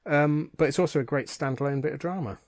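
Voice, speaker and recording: A man's voice: on the high side, quick pace, dry recording. A man co-hosting a podcast, chatting casually and agreeably about an old television series. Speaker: podcast co-host. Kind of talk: casual fan discussion.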